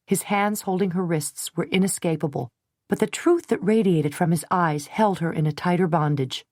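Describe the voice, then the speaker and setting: A woman narrates a romance novel as an audiobook, reading scripted text in a steady storytelling style. Her voice is lowish and moderately paced, recorded dry with studio quality.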